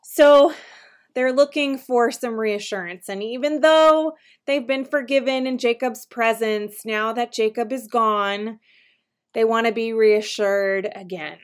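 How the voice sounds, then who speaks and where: Woman preaching in a conversational tone. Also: fairly high pitch. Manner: gentle, conversational preaching with slow emphatic pauses. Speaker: pastor. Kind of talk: sermon.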